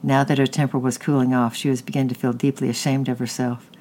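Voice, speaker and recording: A narrator reading a chapter of a novel aloud in a steady storytelling manner. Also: mid-range voice, fast talker, a little hiss or hum. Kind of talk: audiobook reading.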